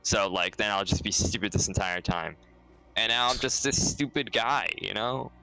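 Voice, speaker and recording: A young man rambling deadpan and self-mocking in casual chat while playing a co-op game with a friend. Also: fairly low pitch, moderate pace, clean tone. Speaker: co-op gaming guest.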